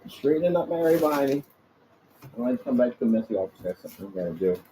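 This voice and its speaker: A man's voice: medium pitch, warm tone, slight background noise, poor audio. A man in a casual off-the-cuff vlog rant, rambling about his business and taunting his critics directly, sometimes stretching out words for emphasis. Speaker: small business owner vlogging. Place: office indoors.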